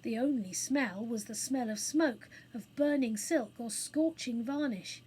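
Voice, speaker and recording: A woman reading a children's book aloud as storyteller, in a clear, expressive manner. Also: a little high, a little slow, a little hiss or hum, low-quality recording.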